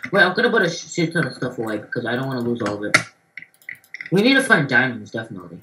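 A young gamer chatting casually and excitably while playing, with loud bursts and casual swearing. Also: medium pitch, rapid-fire, noisy background. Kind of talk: casual gaming chat.

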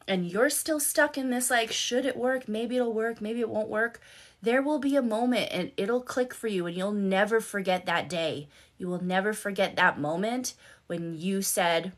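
A woman's voice: mid-range voice, pushed and bright. A woman life coach telling a personal story on a live stream, speaking bluntly and emphatically and swearing freely. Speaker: life coach and content creator. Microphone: phone.

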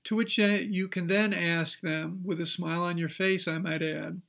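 A man presenting a counseling workshop, teaching in a measured lecture voice with occasional fillers. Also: high voice, steady tone, creaky, a bit bright.

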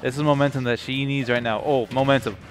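A young man commentating a live video game tournament, excitable, laughing often and repeating himself, his voice tired and low. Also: quick pace. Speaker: esports commentator. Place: gaming tournament at a sports center. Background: music.

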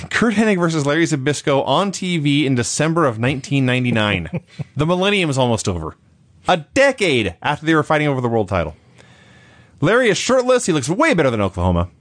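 A man's voice: on the high side, big pitch swings, brisk, fairly bright tone, no room sound. A male podcast co-host in casual chat, recapping a show in a dry, sarcastic way.

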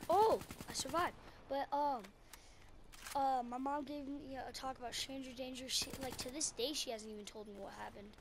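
A woman's voice: high voice, normal speed, noisy background. A woman telling a story casually to camera, rambling and full of ums and self-corrections, on a headset mic. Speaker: video creator.

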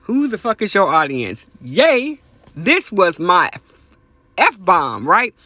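A man hosting a podcast, delivering a passionate, profane opinion rant that repeats phrases for emphasis and swings from high exclamations to low mutters. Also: huge pitch swings, takes it slowly, bright, forceful tone, no echo. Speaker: podcast host. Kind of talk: ranting opinion monologue.

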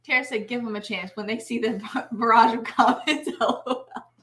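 A woman's voice: fairly high pitch, fairly even intonation, a little fast, a bit bright. A woman co-hosting a casual live stream, reading out chat comments in an upbeat, giggly way.

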